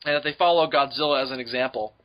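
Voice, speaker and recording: A man's voice: medium pitch, fast talker, highs cut off. A young man co-hosting a comedy podcast, crude and teasing, joking around and laughing often. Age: young adult. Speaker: podcast co-host. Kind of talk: casual comedy chat.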